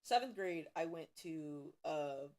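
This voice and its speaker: A woman's voice: sits low, slow. Profane young woman telling stories. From Cincinnati, USA. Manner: profane, animated storytelling with bursts of laughter. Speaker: streamer. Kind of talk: casual storytelling while drawing.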